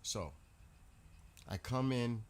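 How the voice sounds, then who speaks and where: A man's voice: mid-range voice, animated, drawn-out words, a little hiss or hum. A man talking casually to his live-stream chat, rambling through news and stories.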